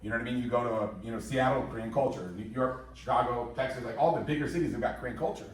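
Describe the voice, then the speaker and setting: A man in his fifties giving an energetic, repetitive motivational sales presentation to a live audience in a large room, rallying the crowd. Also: mid-range voice, very fast. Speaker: company presenter. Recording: very echoey hall, mic far off.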